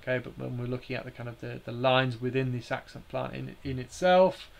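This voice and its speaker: Man with a gravelly voice. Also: medium pitch, steady tone, fairly quick. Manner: hesitant, many fillers and restarts, explanatory. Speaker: bonsai teacher hosting a live stream. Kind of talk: live stream presentation.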